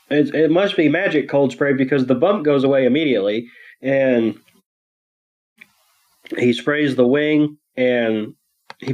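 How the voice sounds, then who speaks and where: A man's voice: medium pitch, darkish tone, highs cut off. A man co-hosting a podcast, recapping a cartoon in a loose, rambling way full of ums and crude jokes. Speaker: podcast co-host. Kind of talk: casual episode recap.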